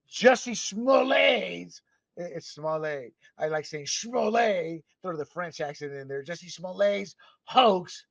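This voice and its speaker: A man from Panama, the host of a podcast, delivers opinionated commentary in a fairly high, insistent voice. He is emphatic and impassioned, swinging between loud and soft. The recording sounds dull and dry. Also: no echo.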